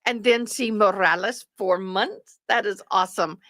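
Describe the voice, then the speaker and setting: A woman's voice: medium pitch, measured pace, a bit bright, dry recording, clean studio sound. A tired woman hosting a livestream, chatting casually and rambling with her viewers. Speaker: livestream host. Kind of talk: casual chat with live viewers.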